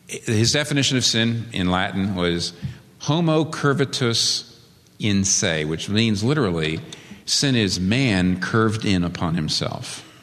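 A man preaching a sermon as pastor, his voice leaping up for emphasis and dropping low to make a point. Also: fairly bright tone, long reverb tail.

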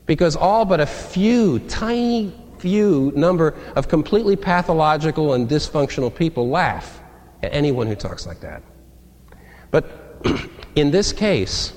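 A male pastor preaching a sermon in an animated, conversational way, acting out quotes. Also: fairly high pitch. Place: church sanctuary. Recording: long reverb of a large hall.

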